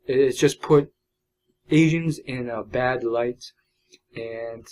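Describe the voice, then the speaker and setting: A man's voice: medium pitch, low-quality recording. A young man talking in a loose, unscripted vlog monologue, rambling with many fillers and restarts. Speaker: vlogger. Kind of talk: unedited casual vlog monologue.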